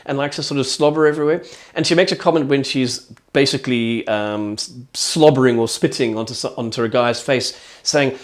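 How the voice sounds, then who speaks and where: A man's voice: mid-range voice, fairly even intonation, quick pace. A man giving an enthusiastic, rambling casual review of a TV show.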